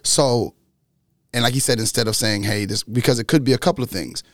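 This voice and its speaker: Halting man in relaxed discussion. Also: mid-range voice, no room sound, studio quality. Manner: halting, restarts before explaining calmly. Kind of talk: casual group discussion.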